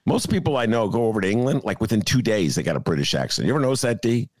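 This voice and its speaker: A man's voice: on the low side, sing-song, racing, darkish tone, dry recording, clean studio sound. A middle-aged man hosting a podcast, joking and self-deprecating in casual chat. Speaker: podcast host.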